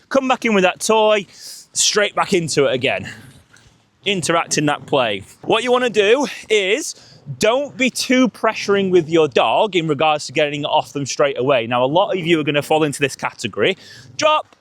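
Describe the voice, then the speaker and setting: Animated man coaching a dog game. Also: on the high side, moderate pace. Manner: energetic, coaching, calls sharp cues to the dog. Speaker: dog trainer. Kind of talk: demonstrating and explaining a dog training game.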